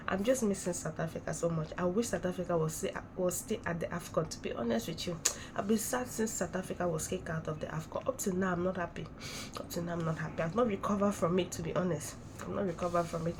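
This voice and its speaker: A woman's voice: fairly low pitch, background noise. A woman vlogger chatting casually to camera, pleading and chatty as a fan.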